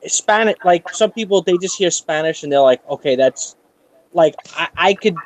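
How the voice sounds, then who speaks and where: Forty-ish guy bragging a bit, dry close sound, voice on the high side. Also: expressive, moderate pace, dry recording, rough recording. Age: 40s. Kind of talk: casual group chat.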